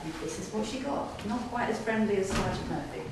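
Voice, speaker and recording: A woman's voice: medium pitch, brisk. A woman tells her ghost-hunting stories to a live audience in a chatty, engaging way. She is picked up from far off in a strongly reverberant room with a faint hiss underneath. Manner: chatty, checks in with listeners, laughs often. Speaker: paranormal investigator giving a public talk. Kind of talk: casual storytelling talk to an audience. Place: display day inside an old gaol. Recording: echoey room heard from afar, faint hiss.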